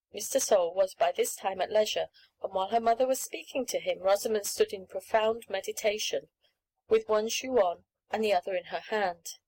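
A woman's voice: medium pitch, brisk, a little mellow, husky, rough recording. Woman reading a storybook aloud. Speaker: narrator.

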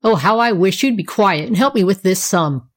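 A woman's voice: mid-range voice, animated, normal speed, natural voice. A woman voicing a cross young boy with a grumpy, dismissive manner.

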